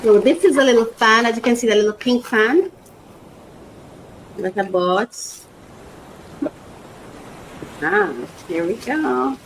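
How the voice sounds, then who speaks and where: A woman's voice: a little high, takes it slowly, pauses often, a little hiss or hum, low-quality recording. A woman hosting a casual unboxing vlog, rambling, emotional and repeating herself. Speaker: podcast host.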